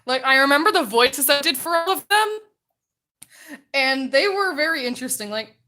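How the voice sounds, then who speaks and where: A woman streamer chatting casually while she draws, naturally loud, chatty and self-mocking, laughing often. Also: sits high, animated, moderate pace.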